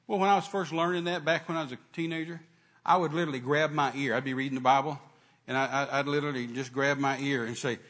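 An older man preaching a sermon, telling a folksy story that swings from hushed to shouting. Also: medium pitch, steady tone, fast.

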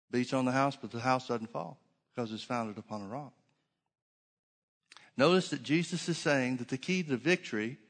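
A man's voice: mid-range voice, big-room sound. A man preaching a sermon, driving his points home with repeated phrases and rhetorical questions.

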